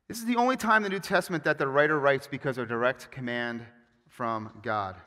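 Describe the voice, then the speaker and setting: A man preaching a sermon as pastor, with animated, emphatic storytelling and frequent restarts. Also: medium pitch, brisk. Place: church sanctuary. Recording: long hall reverb.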